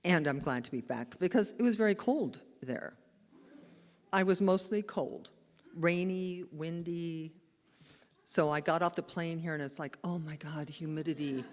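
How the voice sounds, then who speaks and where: A woman minister giving a lively, chatty storytelling sermon at a live church service. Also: on the low side, a little slow. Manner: chatty and animated, laughing as she tells the story. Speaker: spiritual director and minister. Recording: long hall reverb in a church.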